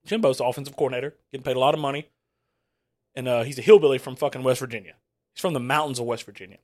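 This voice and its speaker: A man hosts a rowdy sports podcast and tells his stories with plenty of swearing and laughter. His voice sits in an ordinary middle register, and he keeps the talk loose and animated. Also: medium pitch, very fast. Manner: profane, laughs often, animated storyteller. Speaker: podcast host. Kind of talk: rowdy casual sports chat.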